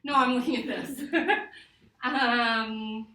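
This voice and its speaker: A woman teacher giving a classroom lesson, lively and laughing, stretching words out slowly to model them. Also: a little high, slight background noise. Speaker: Spanish teacher. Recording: echoey classroom from far off.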